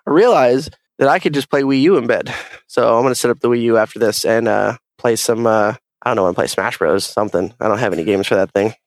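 A man's voice: medium pitch, fast, few pauses, no room sound. A man co-hosting a casual gaming podcast, rambling with lots of ums and restarts. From Alaska. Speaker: podcast co-host.

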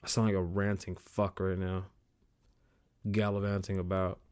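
A man hosting his own show alone, talking in a casual, rambling rant full of swearing, his pitch jumping up when worked up. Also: normal speed. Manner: profane, rambling, animated swings in pitch. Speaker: podcast host.

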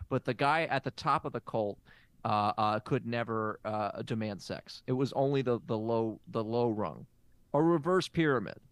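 A man hosting an improvised comedy podcast as a therapist, talking in a lively, stammering, incredulous way. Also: mid-range voice, clean tone, no room sound. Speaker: comic playing a therapist host.

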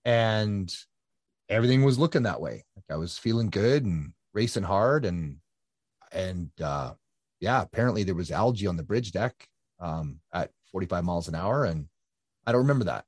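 Man in his 50s, interview guest, rambling animated storyteller, lowish husky voice. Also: normal speed, no room sound, clean studio sound. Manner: animated storyteller with lots of fillers and restarts. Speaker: guest, ultra-endurance triathlete.

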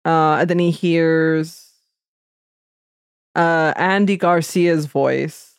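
A woman co-hosting a podcast, recapping a film in casual chat with sudden high-pitched outbursts. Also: steady tone, drawn-out words, smooth, no room sound, clean studio sound. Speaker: podcast co-host.

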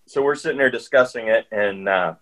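A man's voice: fairly low pitch, a little fast, a bit bright, rough recording. Rambling man telling a hunting story. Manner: rambling, with frequent restarts and fillers. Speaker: guest hunter. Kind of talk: casual storytelling.

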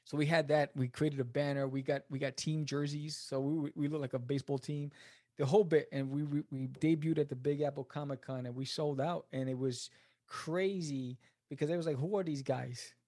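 Animated New man telling stories. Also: fairly quick. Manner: animated, acts out quoted people in a higher voice. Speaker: interview guest, comic creator. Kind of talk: casual storytelling interview.

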